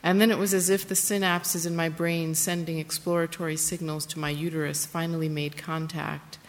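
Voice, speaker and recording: Low-voiced woman reading her memoir aloud. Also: flat delivery, normal speed. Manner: intimate, plain-spoken reading with hesitant asides. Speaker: author reading from her book. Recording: roomy hall with faint background noise.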